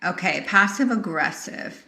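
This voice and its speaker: A woman therapist co-hosts a podcast, chatting casually. Her voice is bright and clear at a middle pitch. She explains plainly and now and then mimics the clients and friends she describes. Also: lively intonation, measured pace. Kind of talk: casual conversational chat.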